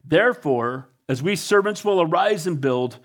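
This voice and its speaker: Fervent preaching man, slightly high voice. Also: lively intonation, normal speed. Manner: fervent preaching, reads scripture aloud. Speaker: pastor. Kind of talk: sermon.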